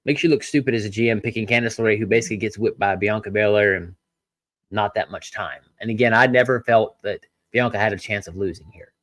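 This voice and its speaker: A man's voice: fairly low pitch, fast, fairly bright tone, no echo. Man, podcast host, ranting, rhetorical questions, dry close sound. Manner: ranting, rhetorical questions, frequent apologies for tangents. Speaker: wrestling review podcast host. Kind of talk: solo review podcast.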